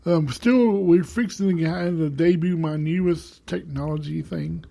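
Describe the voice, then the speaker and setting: A man's voice: a little high, unhurried, vocal fry, dark tone. A man hosting his own show in a rambling, casual monologue full of fillers, on a home desk microphone. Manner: rambling, many fillers and restarts. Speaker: podcast host.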